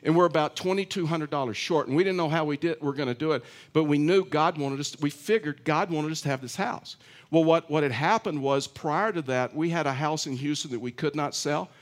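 A man's voice: a little high, fairly quick. A middle-aged male pastor giving a conversational sermon, telling stories with frequent restarts. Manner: chatty storytelling, many restarts.

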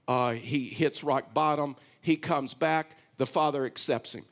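A man's voice: medium pitch, measured pace. A man pastor delivering a sermon, reading scripture and then commenting on it, emphatic and repetitive, often breaking in with "listen". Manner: emphatic preaching, repeats phrases, often says "listen".

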